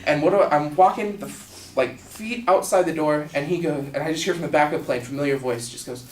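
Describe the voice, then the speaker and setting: Young man, live storytelling, casual, animated, slightly high voice, echoey room, distant mic. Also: fast talker. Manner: casual and animated, with lots of fillers.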